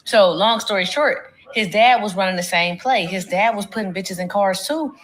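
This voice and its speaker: A woman streamer telling a long, profane storytime tale in a casual, animated way, her voice jumping high for quoted lines. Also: normal speed. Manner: animated, profane, dramatic voice swings.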